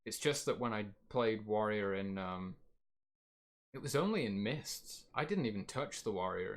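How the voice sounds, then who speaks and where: A man streaming and chatting casually about his game plans, rambling and correcting himself as he goes, his voice getting a little worn. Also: on the low side.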